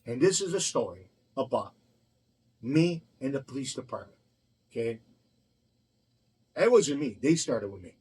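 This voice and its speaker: A man's voice: medium pitch, very animated, a little slow, pauses often, a little mellow, slightly rough, low-quality recording. A man who owns a restaurant, telling stories in a blunt, profane, heated way during a casual conversation. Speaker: restaurant owner. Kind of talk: casual storytelling.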